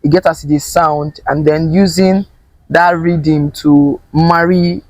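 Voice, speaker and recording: A young Nigerian actress chatting in an interview, lively and quick to slip into Pidgin. Her voice sits close and dry with no room around it. She talks in a loose, storytelling way. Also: low-pitched, no room sound, low-quality recording. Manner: animated, mixing English with Pidgin, laughs often. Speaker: actor guest. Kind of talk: casual interview chat.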